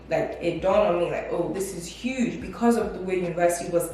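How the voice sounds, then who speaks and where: A woman's voice: medium pitch, normal speed, few pauses, a little mellow. A woman in her twenties chatting in a casual, reflective vlog, full of fillers and acted-out quotes. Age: 20s. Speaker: vlogger. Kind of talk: casual life-update vlog. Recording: distant mic in a very echoey room with faint noise.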